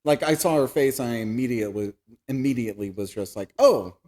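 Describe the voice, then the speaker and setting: A man's voice: medium pitch, expressive, fairly quick, darkish tone. Wry, chuckling man co-hosting a podcast. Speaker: podcast co-host. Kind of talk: casual movie review chat.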